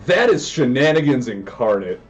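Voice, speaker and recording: A man commentating his own card game live, excitable and prone to yelling and tangents. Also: mid-range voice, moderate pace, lo-fi sound. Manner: excitable, yells in bursts, goes on tangents.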